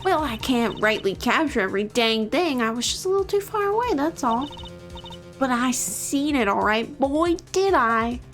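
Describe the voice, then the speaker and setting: A woman's voice: high voice, big pitch swings, normal speed, a bit bright, soft background music. A woman voicing a brash female photographer in a drawling, folksy Southern US accent, in a video game read-along. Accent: Southern US put-on.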